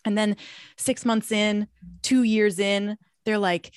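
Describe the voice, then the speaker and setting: A woman guest in a casual interview who talks in an animated, playful way and acts out her examples. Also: mid-range voice, normal speed, no echo, clean studio sound.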